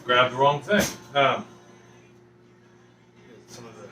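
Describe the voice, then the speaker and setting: A man's voice: mid-range voice, slow, sharp tone, soft background music. A man chatting casually in his home kitchen as he tastes the dish he cooked, rambling with lots of ums and uhs. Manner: rambling, filler-heavy, folksy. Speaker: home cooking vlogger. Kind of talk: casual cooking vlog chat.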